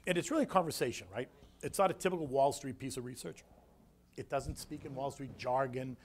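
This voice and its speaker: A man from the United States, a floor broker speaking as guest, telling a story in a rambling, animated way that repeats his words. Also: mid-range voice, brisk. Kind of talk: casual emotional storytelling talk.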